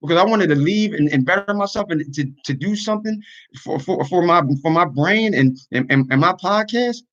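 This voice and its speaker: A man's voice: high-pitched, expressive, normal speed, a bit bright, dull audio. A man talking earnestly to his online community in a casual livestream, venting his frustrations. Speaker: YouTuber and podcaster.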